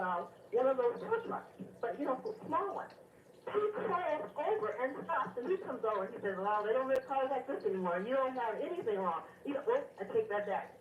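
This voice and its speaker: A woman calling in to a radio show, telling a long story in a rambling, animated way with many fillers. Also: a little high, roomy sound, recorded from a distance, muffled recording, a little hiss or hum. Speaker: caller. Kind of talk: phone-in storytelling.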